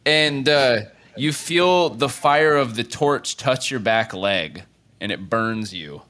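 A man's voice: medium pitch, lively intonation, slow pace, pushed and bright. A man narrating as game master of a tabletop game, rambling and laughing as he describes the scene. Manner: laughing, rambling, full of fillers.

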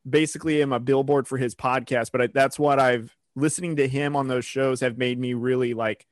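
Casting: male co-host, rambling chatty storyteller, mid-pitched, dry close mic. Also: fairly even intonation, brisk, no echo. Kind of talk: casual chat.

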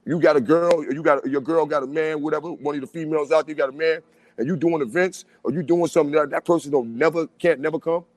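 A man talks quickly in a casual chat. His voice sits a bit high and is full of emphatic street-style phrasing. The recording is dry and close. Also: no echo. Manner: fast, animated street talk, repeats "you know what I'm saying".

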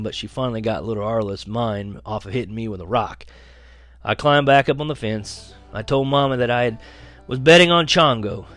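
Male storyteller, mid-pitched, reads with dramatic, lively delivery. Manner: lively, dramatic, slows for action beats. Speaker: audiobook reader. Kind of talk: first-person storytelling reading.

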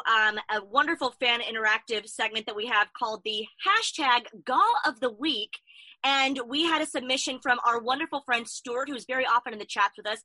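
Bright-voiced lady host, jokey and upbeat, dry close sound. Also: a little high, no echo. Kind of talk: casual chat, presenting a segment.

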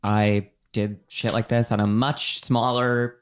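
A man retelling a story in casual chat, animated and swearing freely, slipping into other people's voices for quotes. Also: mid-range voice, slow pace, smooth.

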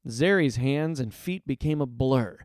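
A man narrating a story aloud in a measured, expressive reading voice. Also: medium pitch, no room sound, studio quality. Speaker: story reader.

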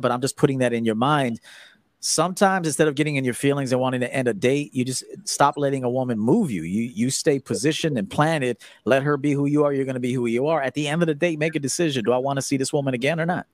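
A man's voice: mid-range voice, fast, dry recording. Blunt, profane male podcast host in a dry room. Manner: blunt, profane, emphatic, acts out quoted dialogue. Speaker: podcast host and dating coach. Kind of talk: casual call-in podcast advice.

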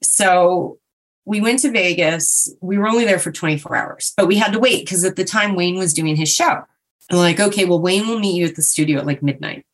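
A woman telling a personal anecdote in a conversational, amused way and acting out the people she quotes. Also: fairly low pitch. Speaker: storyteller. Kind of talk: casual storytelling.

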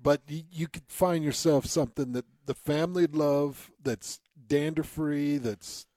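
A man's voice: fairly high pitch, a little slow, dark tone, no echo. Chatty man gushing about dogs. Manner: enthusiastic dog lover, chatty, laughs often. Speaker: radio co-host. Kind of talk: casual chat.

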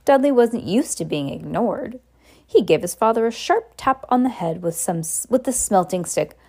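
A woman's voice: medium pitch, normal speed, breathy edge. A young woman reading a novel aloud in a casual way, breaking off for chatty, playful asides. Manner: relaxed, chatty, with playful comments. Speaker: reader.

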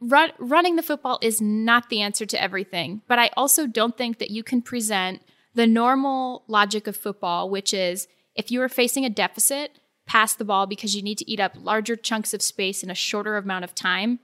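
Bright-voiced woman talking football. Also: medium pitch, a little fast. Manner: animated, laughs often, acts out quotes. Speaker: sports podcast co-host. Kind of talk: casual sports discussion.

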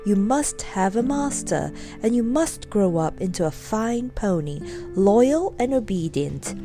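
A woman voicing a gentle, wise mother pony in a storybook reading, speaking in a soothing, motherly way. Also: mid-range voice, animated, unhurried, over music.

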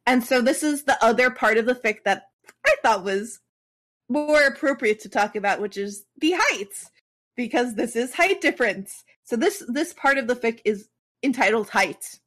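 A woman reads a fan story aloud on a podcast, stumbling a bit and breaking off for chatty asides. Her voice sits fairly high. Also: animated, moderate pace, fairly bright tone. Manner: casual, with restarts and asides while reading. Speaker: podcast co-host reading fan fiction. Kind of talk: reading aloud with commentary.

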